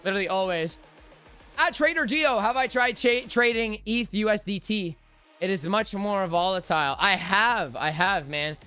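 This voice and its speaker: A man's voice: high-pitched, normal speed, bright, forceful tone, clear, resonant tone, soft background music. A young man hosting a live trading stream, talking energetically and chatting with viewers.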